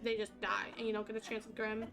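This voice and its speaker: A woman streaming a life-simulation game live, chatting with her viewers and reacting excitedly to the game. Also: mid-range voice, fast talker, creaky. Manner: chatty, excitable, talks to chat while playing.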